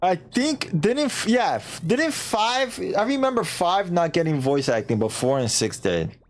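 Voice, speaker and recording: A man with a high-pitched, very animated voice streams a video game at a measured pace. His let's-play chat is casual and self-mocking, with occasional silly put-on voices.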